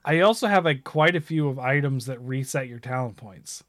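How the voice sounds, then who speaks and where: A man chatting casually about games, rambling and animated as he tells stories. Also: medium pitch, moderate pace, no echo, studio quality. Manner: rambling, animated storytelling with laughs.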